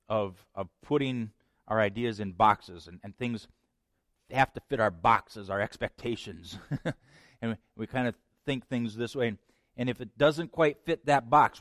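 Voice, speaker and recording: A man pastor preaching with emphatic force, his pitch and loudness swinging dramatically from phrase to phrase. He sits in the middle of the typical male range. The recording is dry and close, with no room echo. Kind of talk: sermon.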